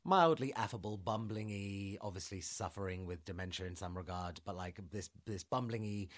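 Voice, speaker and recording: A man co-hosting a podcast, chatting casually about films in a rambling way, full of fillers and restarts. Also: lowish voice. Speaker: podcast co-host. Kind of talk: casual film chat.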